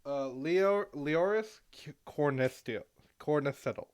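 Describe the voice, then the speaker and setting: A man's voice: on the high side, slow pace, clean tone. A man narrating as game master in a casual, swearing, laughing style.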